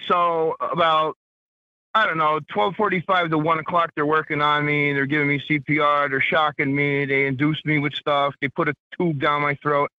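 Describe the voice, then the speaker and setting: Male caller, animated storyteller, muffled line, dry sound. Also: on the high side, moderate pace, no echo. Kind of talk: casual storytelling.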